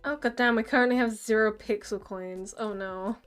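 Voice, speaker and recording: A woman's voice: on the high side, steady tone, moderate pace, faint music behind. A woman player chatting and giggling with her group on a live stream. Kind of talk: casual stream chat.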